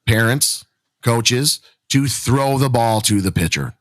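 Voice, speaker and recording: A man's voice: medium pitch, lively intonation, slow, no echo. Emphatic man, dry close sound. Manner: emphatic, pleading, laughs often. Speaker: podcast co-host, softball coach. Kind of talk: casual podcast chat.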